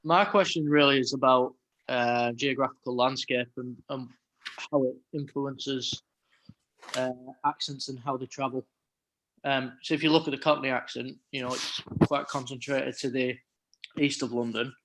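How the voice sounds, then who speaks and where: A man from the audience asking a question on a video call, halting and slow with many ums. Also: medium pitch, steady tone, a bit bright.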